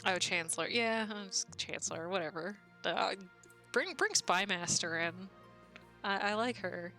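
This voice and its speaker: A giggly woman streamer with a bright, forceful voice reads game text aloud and reacts to her chat. Faint music plays behind her. She laughs often and talks in an easy, casual way. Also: mid-range voice, animated, measured pace.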